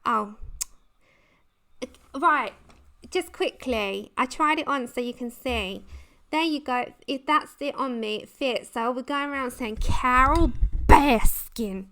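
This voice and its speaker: Woman chatting on a colouring stream, giggly, smooth clear voice, a bit high. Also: measured pace, pauses often, pushed and bright. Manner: chatty, giggly, reads chat aloud. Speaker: livestream host. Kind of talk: casual chat while colouring.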